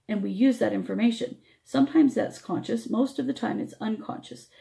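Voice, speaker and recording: Woman host with a gravelly, struggling voice. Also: medium pitch, dark tone. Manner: explains techniques step by step, with small restarts. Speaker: radio show host and energy teacher. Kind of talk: spiritual teaching talk.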